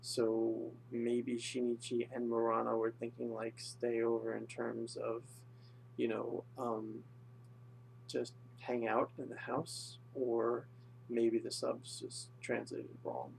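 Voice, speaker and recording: A man's voice: medium pitch, monotone, slow, vocal fry, darkish tone, slight background noise. A young man casually recapping and reviewing an episode, rambling with lots of fillers. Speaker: anime reviewer.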